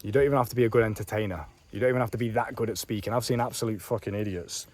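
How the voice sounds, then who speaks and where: A man's voice: lowish voice, steady tone, racing, a little mellow. A man giving a casual outdoor vlog monologue as a business coach, blunt and profane, full of slang, talking straight at the listener. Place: outdoors on a bench in a warm country.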